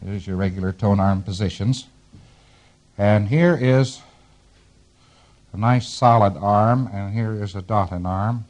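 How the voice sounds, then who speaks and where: A man's voice: on the low side, slow, long pauses, a little mellow. A man giving a classroom lecture. He walks through diagrams on a board, chuckles now and then, and acts out short examples as he explains. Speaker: instructor.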